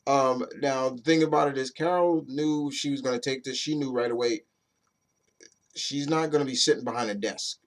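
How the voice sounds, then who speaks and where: A man at an ordinary middle pitch talks through a comic book review in a loose, rambling way. He swears now and then, restarts sentences often, and keeps it casual and chatty. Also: normal speed.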